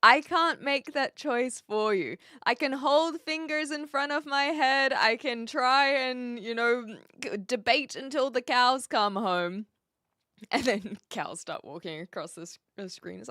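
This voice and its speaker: A woman's voice: sits high, measured pace, pushed and bright, dry recording, clean studio sound. A woman from New Zealand with a light accent, chatting casually with viewers on a live stream, laughing often and trailing off mid-sentence.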